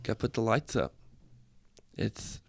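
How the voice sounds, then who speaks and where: This podcast host, an airman, talks alone in a loose, self-mocking way, drifting into frequent tangents from a small room decorated with festive lights. His fairly low, gravelly voice has a sing-song lilt and moves a little slowly. A desk microphone before his laptop gives a dry, clean studio sound.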